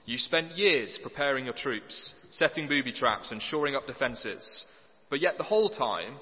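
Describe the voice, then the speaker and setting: A man's voice: medium pitch, animated, moderate pace. Guy preaching, dry jokes, long echo in a big hall, kinda muffled lo-fi. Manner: earnest, conversational with dry humour. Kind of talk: sermon. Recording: dull lo-fi sound with long hall reverb.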